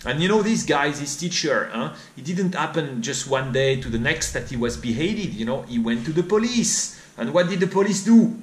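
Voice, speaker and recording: A man's voice: animated, moderate pace, few pauses, echoey room. A man with a French accent, speaking English as a second language, giving an opinion monologue full of rhetorical questions. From France. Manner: repetitive, rhetorical questions, mimics others in high voice. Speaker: vlogger. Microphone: studio mic on boom arm.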